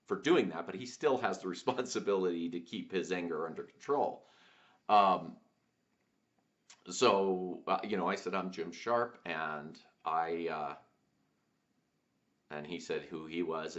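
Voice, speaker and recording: A very low-pitched man, hosting his own show, tells a personal story in a reflective, searching way. He halts often, fills gaps with fillers and starts his sentences over. The recording sounds dull and lo-fi. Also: a bit bright. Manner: halting, many fillers and restarts. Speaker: podcast host.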